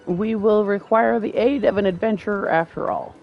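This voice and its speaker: A woman's voice: mid-range voice, normal speed, creaky, lo-fi sound, soft background music, close to an everyday voice. A woman reading the lines of a polite, old-fashioned male festival organizer from a game. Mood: courteous. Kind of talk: reading game dialogue aloud.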